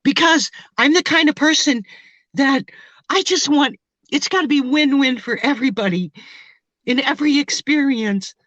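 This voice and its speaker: A woman's voice: high voice, normal speed, fairly bright tone, dry recording. Effusive woman on a dry, dull call. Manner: emotional, effusive, rambling. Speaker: guest. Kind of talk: casual chat.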